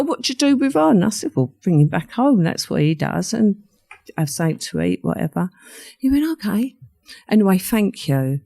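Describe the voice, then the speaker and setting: Older woman, podcast guest, vivid storyteller, acts out quoted voices, mid-pitched. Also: gravelly, darkish tone. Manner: vivid storyteller who acts out what others said. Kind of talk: recounting a personal story in conversation.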